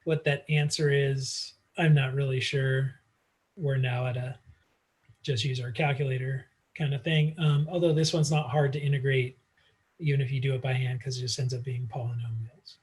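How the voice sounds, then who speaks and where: A man's voice: mid-range voice, level tone, moderate pace. A man teaching math in a casual online lecture, working through problems aloud with frequent fillers, recorded on a computer mic. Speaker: math instructor.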